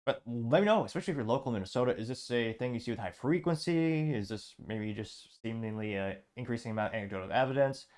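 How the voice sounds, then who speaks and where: A male show host reads through a string of social media posts, dropping casual remarks between them. His voice sits in an ordinary middle pitch. The tone is conversational political commentary. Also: fast, hardly any pauses, darkish tone.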